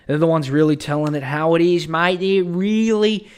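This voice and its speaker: A man hosting a podcast who rants with profane, excitable energy, often slipping into exasperation. His voice sits a bit high for a man. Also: moderate pace, smooth. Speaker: podcast host. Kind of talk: casual ranting podcast talk.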